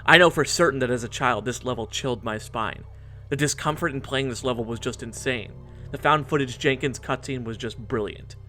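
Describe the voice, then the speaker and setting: A man's voice: mid-range voice, fairly bright tone. A man in his twenties narrating a scripted video essay in an earnest, reflective way.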